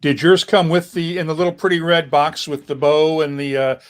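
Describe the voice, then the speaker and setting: A man with a fairly high voice hosts a relaxed online tasting chat. He jokes easily and reads viewer comments aloud, heard through a video-call mic. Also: normal speed. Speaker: host. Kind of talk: casual webcast chat.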